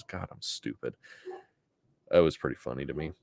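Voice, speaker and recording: A man's voice: low-pitched, expressive, moderate pace, a bit bright. A man co-hosting a horror podcast in casual chat, laid-back and swearing a lot, often laughing. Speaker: podcast co-host.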